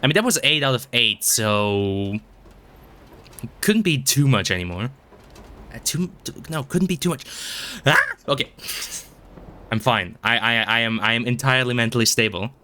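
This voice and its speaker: A man's voice: medium pitch, animated, normal speed, long pauses, sharp tone. A man streaming a video game, chatting in a rambling, self-mocking way, swearing a lot and stumbling over his words. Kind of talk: casual gameplay commentary. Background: game music.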